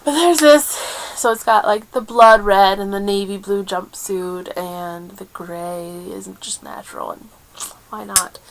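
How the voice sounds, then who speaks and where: A woman's voice: medium pitch, fairly even intonation, slight background noise. Chatty woman laughing through her talk. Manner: chatty, laughs often, quick asides. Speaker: podcast host. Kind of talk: casual chat.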